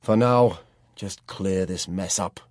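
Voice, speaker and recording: A man voicing an angry young farmer, the protagonist's older brother, shouting at a younger sibling in a storybook reading. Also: low-pitched, slow pace, dry recording, studio quality. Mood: calmer. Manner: shouting, loud and strained.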